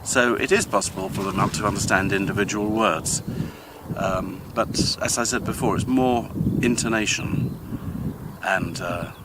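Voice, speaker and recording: An older man hosting a vlog, talking in a thoughtful, measured way with frequent pauses as he walks outdoors in the countryside. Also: fairly low pitch, very noisy. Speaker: vlog host. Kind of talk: casual explanatory talk on a walk, with a poem reading.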